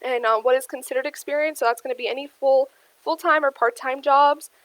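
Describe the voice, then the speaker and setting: In a high-pitched, fairly bright voice with fairly even intonation, a young woman gives an instructional career talk at a fairly quick pace. She says um often and addresses listeners as "you guys" over a rough recording.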